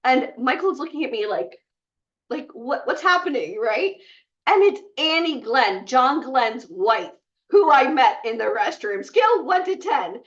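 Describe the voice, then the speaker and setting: A woman's voice: sits high, far from the mic, lo-fi sound. A woman speaking to a live group, retelling a personal story in a chatty way with many fillers. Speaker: bootcamp speaker.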